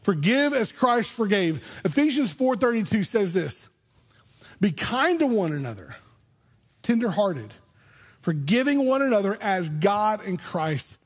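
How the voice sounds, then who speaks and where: A man's voice: high voice, breathy edge. A man pastor preaching a sermon in a conversational way, often restarting his words. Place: church sanctuary.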